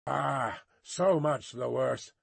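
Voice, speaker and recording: A man voicing a rueful, sardonic male tavern customer, with drawn-out remarks. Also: medium pitch, gravelly, slightly rough, no echo, full character voice.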